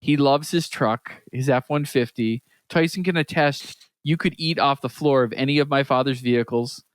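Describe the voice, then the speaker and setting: A man's voice: medium pitch, moderate pace, clear, resonant tone, no room sound. A man from Canada, co-hosting a podcast, telling a story in casual chat, laughing often and acting out what others said. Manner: animated, laughs often, acts out quotes. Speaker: podcast co-host.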